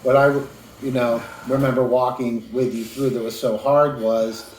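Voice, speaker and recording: Male interviewer, calm, summarizing questions, mid pitch, roomy echo. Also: normal speed, a little hiss or hum. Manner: calm, sums up the story in questions. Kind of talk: casual interview.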